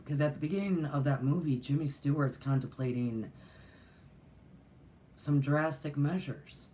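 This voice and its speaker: A woman's voice: low-pitched, a little slow, pauses often, dark tone, slight background noise. A middle-aged woman telling a personal story in a rambling, earnest way, with many fillers and restarts. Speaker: spiritual teacher and channel host. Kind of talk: casual storytelling monologue.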